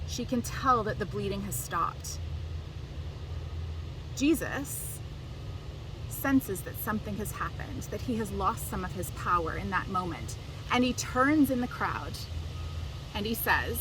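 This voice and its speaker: A woman telling a scripture passage from memory in a slow, deliberate, expressive way. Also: mid-range voice. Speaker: biblical storyteller. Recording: distant mic, traffic noise.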